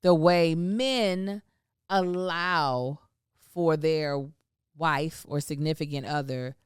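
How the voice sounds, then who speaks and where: A woman's voice: low voice, slow pace, smooth, dry recording, clean studio sound. A woman hosting a podcast in casual chat. She retells stories and asks probing questions. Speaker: podcast host.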